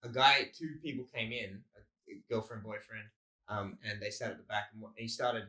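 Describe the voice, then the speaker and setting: Australian male comic co-host, rambling storyteller, bright voice. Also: lowish voice, steady tone, normal speed. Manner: rambling, storytelling with acted-out quotes. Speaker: comedian podcast co-host. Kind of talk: casual chat. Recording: roomy echo.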